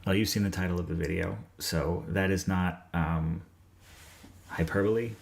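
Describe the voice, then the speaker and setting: A man from New England, a video essayist, gives a scripted personal update in a hesitant, soft-spoken way with many fillers. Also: sits low, fairly even intonation, normal speed, vocal fry.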